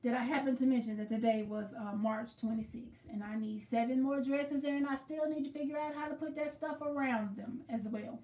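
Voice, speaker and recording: A woman's voice: sits high, a little fast, few pauses, mellow, reverberant, distant mic. Chatty woman livestreaming her quilting. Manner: chatty, greets viewers by name, explains as she works. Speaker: livestream host. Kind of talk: casual livestream chat while quilting.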